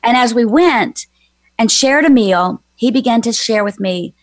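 A woman's voice: mid-range voice, no room sound. A woman guest on a faith talk show, earnestly telling a heartfelt personal story. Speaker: guest, author and former minister.

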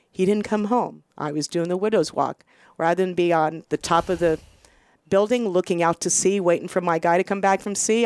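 Earnest, low-voiced American woman host. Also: dry recording, studio quality. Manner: earnest, reflective, quiet and halting. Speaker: show host, doctor. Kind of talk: personal storytelling monologue.

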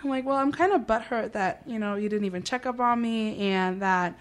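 A woman's voice: a little high, brisk. Chatty young woman telling a story. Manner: tells stories through quoted dialogue, says "like" often. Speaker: guest. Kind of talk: casual chat.

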